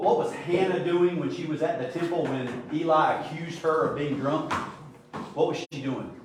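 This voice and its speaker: A middle-aged man teaches a Bible study in a relaxed, talky way, with jokes and acted-out little scenes. His voice sits a little high. He sounds distant from the mic, in a very echoey room. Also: a little hiss or hum. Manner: conversational, joking asides, acts out little scenes. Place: church room.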